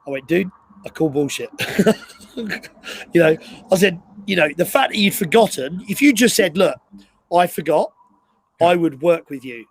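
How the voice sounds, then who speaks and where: Male co-host, rambling anecdotal chat, slightly high pitch. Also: expressive, moderate pace, pauses often, rough recording. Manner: storytelling, many fillers and restarts. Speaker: co-host and recruiter. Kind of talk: casual live chat.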